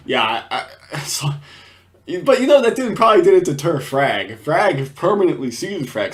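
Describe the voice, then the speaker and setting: Man, casual reaction commentary, lively swinging pitch, rambling, swears, laughs a lot. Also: normal speed. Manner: laughs often, swears freely, rambling restarts. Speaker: video commentator.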